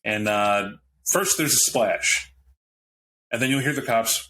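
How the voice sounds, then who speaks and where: A man running a tabletop role-playing game as storyteller, narrating lively with frequent chuckles. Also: mid-range voice, slow pace, a little hiss or hum. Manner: lively, chuckling, jumps into character voices.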